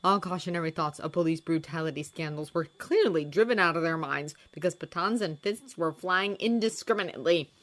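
Woman reading fanfiction aloud, lively storytelling, bright forceful tone, lowish pitch. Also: fairly quick, hardly any pauses. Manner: lively storytelling, shouts dialogue loudly. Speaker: fanfiction audiobook reader.

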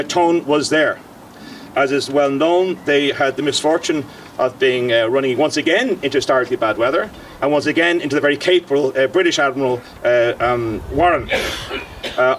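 A man's voice: fairly high pitch, fairly bright tone, recorded from a distance, slight background noise. A middle-aged Irish man, a historian, delivering a passionate commemorative address outdoors with emphatic lecturing and frequent fillers.

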